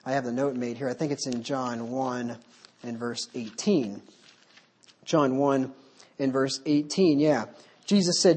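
A male Baptist preacher works through scripture verse by verse without notes. His voice is husky and a little rough at the edges. He reads each passage aloud, then picks it apart, pressing his points with rhetorical questions. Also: a little high, moderate pace, a little mellow. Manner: unscripted, poses rhetorical questions. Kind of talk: verse-by-verse sermon teaching.

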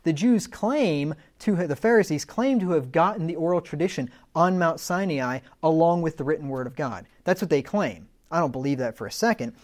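A Bible teacher with a slightly high, darkish-toned voice gives an animated, fairly quick teaching talk with hardly any pauses. He reads old scripture aloud with rising emphasis, then slips into plain, conversational asides full of fillers between readings.

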